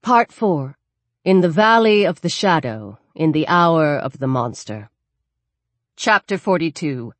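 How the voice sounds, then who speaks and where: A woman reading a thriller audiobook aloud with expressive, varied delivery. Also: deep voice, measured pace, no echo. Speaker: audiobook narrator. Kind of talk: scripted audiobook narration.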